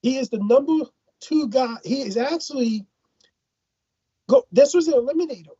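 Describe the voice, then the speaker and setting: Woman from Ireland, boxing co-host, higher and darker-toned, husky, on a dull dry line. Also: expressive, normal speed, warm tone, dry recording. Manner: opinionated, repeats words when thinking. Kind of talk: casual boxing talk.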